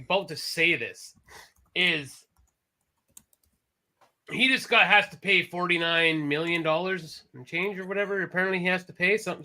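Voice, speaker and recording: Bright, high-voiced man rambling casually. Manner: rambling, self-correcting, animated. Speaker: podcast co-host. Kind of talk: casual chat.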